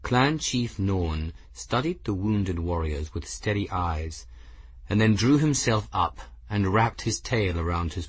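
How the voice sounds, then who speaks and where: A man reading a story aloud as narrator in a measured, even way. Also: fairly low pitch, husky, no room sound. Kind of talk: audiobook narration.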